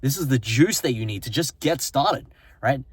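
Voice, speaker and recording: A man's voice: mid-range voice, animated, normal speed, breathy edge, dry recording. A man giving a motivational self-help talk, earnest and repetitive, often tagging his points with "right?". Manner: earnest, repeats phrases and tags lines with "right?".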